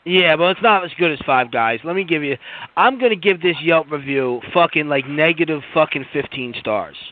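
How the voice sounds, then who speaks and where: A man's voice: a little high, lively intonation, moderate pace. A man telling a long, profane, rambling story on a podcast, full of fillers and restarts. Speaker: podcast co-host. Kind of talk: casual storytelling rant. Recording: tinny phone-like line.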